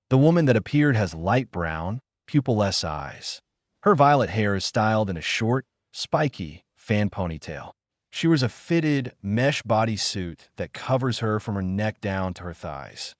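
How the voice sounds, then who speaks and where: A man narrating a fan fiction story in a plain, even reading. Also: on the low side, normal speed, dry recording, clean studio sound.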